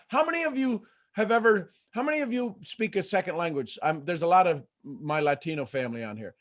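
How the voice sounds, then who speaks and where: A man with a high-pitched voice coaches a live call. He is animated and acts out inner voices as he talks. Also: a little fast, hardly any pauses. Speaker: host and motivational coach.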